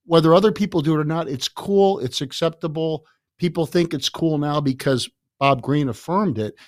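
A man in his sixties from the Chicago area tells stories as a podcast guest. He speaks in a slightly high voice, laughing often and repeating words as he goes. The sound is dry and close. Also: normal speed, dry recording. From Chicago area, USA. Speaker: guest, author. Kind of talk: anecdotal storytelling in a podcast interview.

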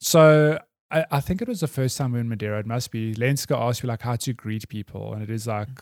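A man's voice: mid-range voice, quick pace, darkish tone, dry recording, studio quality. A man co-hosting a casual podcast, chatty and laughing often as he reads listener mail. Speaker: podcast co-host. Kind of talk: casual chat.

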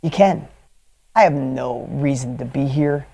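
A man giving a motivational training talk, energetic and emphatic, switching between quick bursts and slow drawn-out stresses, blunt and mildly profane. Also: medium pitch, creaky, slightly rough.

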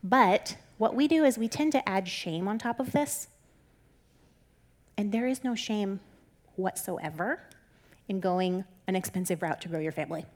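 A woman delivering a casual Bible teaching in a candid, conversational manner. Her voice sits at an ordinary middle pitch, and she reassures and encourages her listeners, often slipping in "like" as she talks. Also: measured pace, pauses often. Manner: conversational and candid, with frequent "like" fillers.

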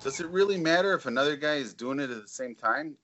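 A man's voice: fairly high pitch, expressive, fast, a bit bright. A man on a casual podcast who mocks and gives blunt, crude advice. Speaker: co-host.

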